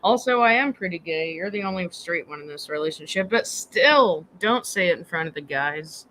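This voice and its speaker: A man's voice: high-pitched, expressive, normal speed, bright, forceful tone, low-quality recording. A man co-hosting a casual podcast, flustered and joking, swearing a lot, on a laptop mic. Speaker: podcast co-host. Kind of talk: casual chat. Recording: laptop mic with faint noise.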